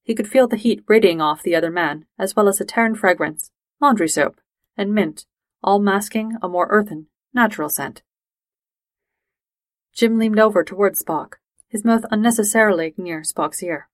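A woman's voice: mid-range voice, moderate pace, dry recording. Woman narrating an audiobook, dry close sound. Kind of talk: fan-fiction audiobook reading.

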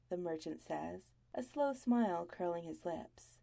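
A woman narrating an audiobook in a measured, low-key storytelling manner. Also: lively intonation, gravelly, dark tone, dry recording.

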